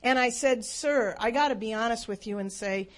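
A woman's voice: a little high, moderate pace. A woman telling a faith story as a sermon, earnest and emphatic. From United States. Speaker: speaker.

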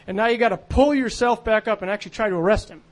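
A man's voice: high voice, fast. A man preaching a sermon in an earnest, conversational way, with frequent fillers.

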